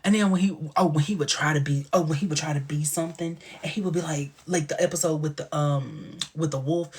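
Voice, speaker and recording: A man's voice: on the high side, a little fast, few pauses, slightly rough. A man hosting a casual live stream, chatting to viewers in a playful, sassy way with lots of laughter and dramatic asides. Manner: animated and playful, with frequent laughter.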